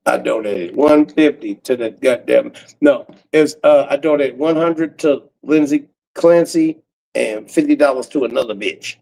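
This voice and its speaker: A man in his forties doing a profane comedic rant on a livestream, breaking into cackles and swinging from loud outbursts to low mutters. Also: measured pace, vocal fry, poor audio. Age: 40s.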